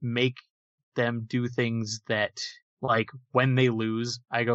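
An opinionated man talks casually, rambling through his points with lots of fillers. His voice sits at an ordinary middle pitch. The sound is dry and a bit dull, like a lo-fi home recording. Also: flat delivery, slow pace, fairly bright tone, no echo. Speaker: podcast co-host. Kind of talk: casual wrestling discussion.

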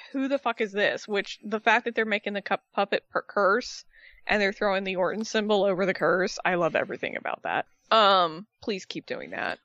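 Woman, co-host, sarcastic, animated storytelling, dry, muffled lo-fi. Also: medium pitch, no echo. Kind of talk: casual wrestling recap chat.

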